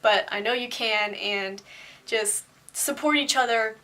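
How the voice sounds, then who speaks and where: A woman's voice: on the high side, unhurried, bright, forceful tone. A young woman vlogging in a casual, candid way, full of fillers and asides. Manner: chatty, candid, many fillers like "like" and "um". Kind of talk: casual talking-head vlog.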